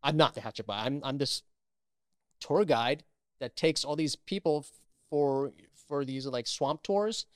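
A man's voice: medium pitch, measured pace, dry recording, clean studio sound. A man, an actor, chatting as an interview guest, telling stories animatedly with many restarts. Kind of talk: casual interview chat.

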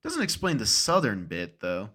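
A man's voice: lowish voice, huge pitch swings, moderate pace, bright, forceful tone. A man co-hosting a podcast, chatting casually and playfully, from Utah. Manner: playful, jokey banter. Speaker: podcast co-host. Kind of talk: casual chat.

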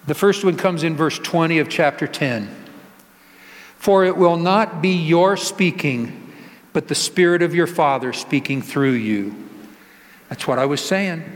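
A male pastor giving a conversational sermon, asking the congregation rhetorical questions and joking with them. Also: fairly high pitch. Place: church sanctuary. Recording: long reverb of a church hall.

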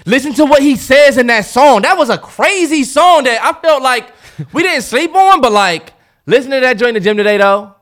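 A man's voice: very high voice, animated, normal speed, fairly bright tone. A young man with a DMV accent, co-hosting a podcast, arguing his points emphatically in casual chat. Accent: DMV African American English. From DC-Maryland-Virginia area. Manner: argumentative, emphatic, joking. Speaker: podcast co-host.

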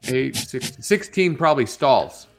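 Animated man telling a bathroom story. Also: unhurried, creaky, soft background music. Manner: animated storyteller, jumps into high voices when quoting a woman. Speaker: morning show co-host. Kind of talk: casual radio chat, storytelling.

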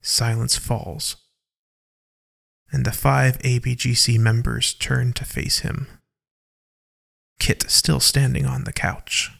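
A man giving slow, deliberate scripted narration for an audio drama. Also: mid-range voice, little pitch movement, gravelly, a bit bright.

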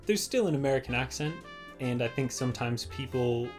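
A man, a working actor, chatting casually and telling lively stories, now and then slipping into quick impressions. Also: medium pitch, music in the background. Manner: animated storyteller, drops into quick impressions. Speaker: actor, podcast guest. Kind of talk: casual chat.

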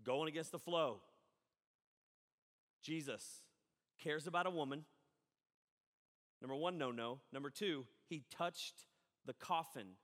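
A man preaching a sermon as pastor, animated and conversational, acting out the voices of people he quotes. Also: fairly high pitch, slow pace, long pauses, long reverb tail.

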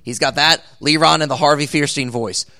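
A man speaking on a convention panel, giving animated, jokey advice on voice acting. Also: fairly high pitch, fairly quick.

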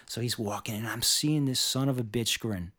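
A middle-aged man hosting a podcast, telling a bartending story in casual, animated chat full of cursing, restarts and "man". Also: mid-range voice, normal speed.

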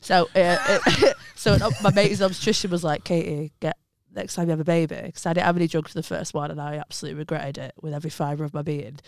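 A woman's voice: deep voice, fairly even intonation, fast, few pauses, dry recording. A woman comedian telling blunt, laughing stories in casual podcast chat.

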